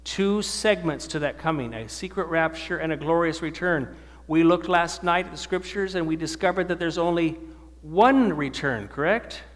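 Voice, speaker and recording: A male preacher giving a sermon to a live audience, often asking them questions and answering them himself. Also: fairly high pitch. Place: church or meeting hall with an audience. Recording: long hall reverb.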